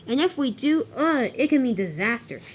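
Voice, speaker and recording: A woman's voice: high voice, big pitch swings, normal speed, slight background noise. Woman doing whiny cheeky dump truck.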